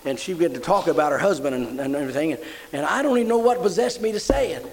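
A man's voice: lively intonation, very fast, gravelly, rough recording. An older man preaching a sermon, telling a story and rising into fervent praise. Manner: fervent, rising to high emotional exclamations.

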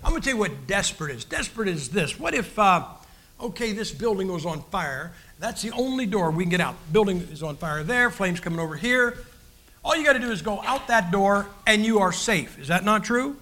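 A man's voice: high-pitched, big pitch swings, fairly quick, sharp tone. An older man, preaching a sermon in a folksy, joking style with many restarts. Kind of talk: sermon with humorous stories.

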